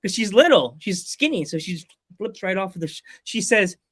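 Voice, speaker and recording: A man's voice: high voice, expressive, a bit bright, breathy edge. A man hosting a podcast in casual chat, rambling and joking, laughing often and slipping into playful quoted voices. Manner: rambling, fast restarts. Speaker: podcast host.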